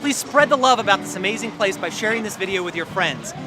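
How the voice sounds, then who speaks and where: A man's voice: high-pitched, expressive, fast. Upbeat man teasing passers-by on a street. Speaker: presenter of a street video. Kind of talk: playful street vox pop. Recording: outdoor street with music and crowd.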